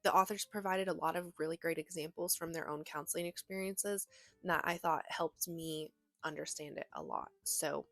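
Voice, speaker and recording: A woman's voice: sits low, fairly even intonation, normal speed, fairly bright tone, dry recording, soft background music. A young woman in casual chat about books she read, talking in a gushing, rambling way with many fillers and restarts, from her bedroom. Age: young adult. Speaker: book vlogger.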